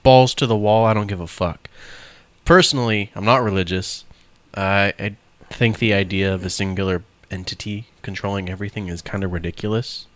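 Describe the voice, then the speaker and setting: A man's voice: lowish voice, brisk, dry recording. A young man co-hosting a casual podcast chat, swearing freely and telling stories with quoted voices. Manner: profane, animated storytelling with quoted voices. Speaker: podcast co-host.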